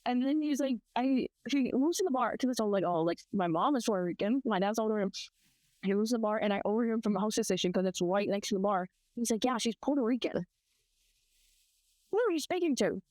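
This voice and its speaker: A woman's voice: medium pitch, quick pace, a little mellow, dry recording. A young American woman co-hosting a casual chat, telling rambling, profane stories full of quoted voices. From United States. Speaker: podcast co-host.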